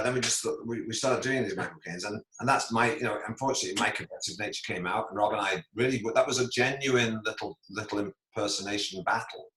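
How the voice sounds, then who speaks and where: A man guest on a talk show, talking in a halting way with many restarts. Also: fairly low pitch, a bit bright, roomy sound, a little hiss or hum, rough recording. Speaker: comedian guest.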